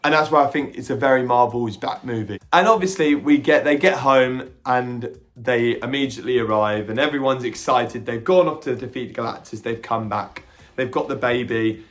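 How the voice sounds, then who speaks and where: A medium-pitched man hosts a podcast, giving a casual reaction recap of a film with animated energy. He jumps into quick character quotes and now and then stumbles into stammering restarts.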